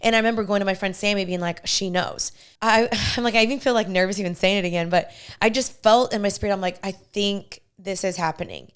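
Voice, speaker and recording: A young woman hosting a podcast, telling a story in a lively way and acting out what her friends said. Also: medium pitch, quick pace, hardly any pauses, clear, resonant tone. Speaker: podcast host. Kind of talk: casual chat.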